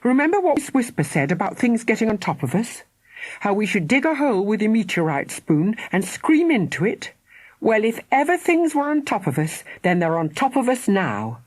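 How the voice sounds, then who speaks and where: A woman's voice: medium pitch, sing-song, moderate pace, dry recording, voice pushed up. A woman reading an audiobook, voicing a spirited young girl who fusses over her little brother with exclamations and coaxing. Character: spirited young girl, bossy big sister. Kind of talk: audiobook character voice.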